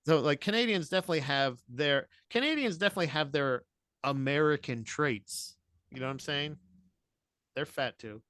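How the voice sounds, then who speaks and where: Male podcast co-host, blunt profane humor, fairly high voice, dry studio sound. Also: lively intonation, moderate pace, a bit bright, dry recording. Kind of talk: casual chat.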